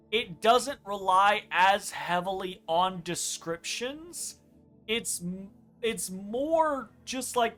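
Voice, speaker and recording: A woman co-hosting a let's play, chatting casually with emphatic, animated delivery and some swearing. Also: mid-range voice. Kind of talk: casual chat over gameplay.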